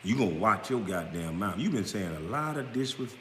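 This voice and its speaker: A man delivering a blunt, profane, confrontational rant straight to camera, now and then breaking into loud outbursts. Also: lowish voice, very animated, moderate pace. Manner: smoking hookah while talking. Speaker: vlogger responding to critics. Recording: roomy echo with long reverb, faint background noise.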